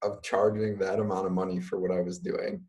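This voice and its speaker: Young male guest, deep voice, laid-back and chatty with fillers. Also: little pitch movement, fairly quick, a little mellow. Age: young adult. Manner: casual, filler-heavy, uses "like" often. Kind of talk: casual interview talk.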